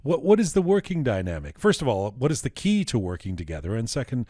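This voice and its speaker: A man hosts a relaxed interview in a teasing, curious way and laughs easily. His voice sits at a middle pitch and is recorded dry and close, with little room sound. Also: fast, no room sound. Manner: playful, probing, laughs easily. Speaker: interview host. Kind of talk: casual interview.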